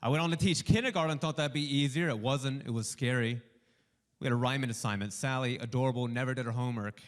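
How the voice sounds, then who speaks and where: A male stand-up comedian doing a warm-up set for a studio audience, delivering punchy jokes and acting out bits of dialogue. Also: medium pitch, fast. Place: live comedy show before a studio audience.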